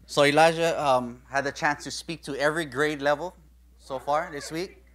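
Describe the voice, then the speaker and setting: Man, casual joking intro, calls across the room, somewhat high voice. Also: fairly even intonation, moderate pace, a bit bright.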